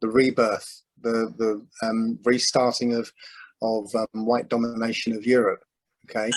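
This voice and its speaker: A man in a religious panel discussion, talking in a halting way, full of ums and restarts. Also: mid-range voice, little pitch movement, poor audio. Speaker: panel speaker.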